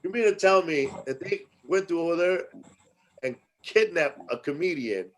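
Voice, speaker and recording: A man's voice: on the high side, animated, moderate pace, poor audio. A man hosting a podcast, asking questions and teasing his guest in casual chat. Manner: joking, teasing interviewer. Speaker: podcast host.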